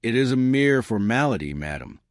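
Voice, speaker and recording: A man's voice: mid-range voice, sing-song, moderate pace, no room sound, clean studio sound, natural voice. A man voicing a polite, probing older detective in an audiobook. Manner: courteous, probing, formal.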